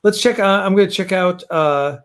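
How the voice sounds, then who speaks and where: Male host, loose rambling delivery, somewhat higher pitch. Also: normal speed, smooth. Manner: rambling, many fillers and restarts. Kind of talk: casual livestream chat. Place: home, fireworks outside.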